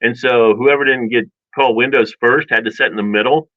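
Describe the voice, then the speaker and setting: A man's voice: mid-range voice, fairly even intonation, fairly quick, dry recording, lo-fi sound. A man co-hosting a radio show, telling a long rambling childhood story in casual chat and acting out family quotes. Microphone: studio microphone.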